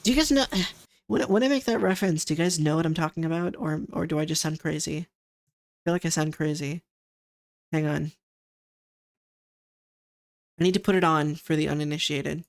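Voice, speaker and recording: A woman's voice: sits low, normal speed, long pauses. A young Scottish woman streaming, chatting casually and swearing loosely as she reacts to videos. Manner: loose, sweary, giggly, rambling.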